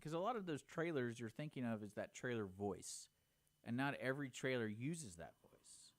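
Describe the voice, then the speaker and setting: A young man co-hosting a radio chat show, quick to push back and contradict his co-host. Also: mid-range voice, lively intonation. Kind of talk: casual on-air chat. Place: radio studio.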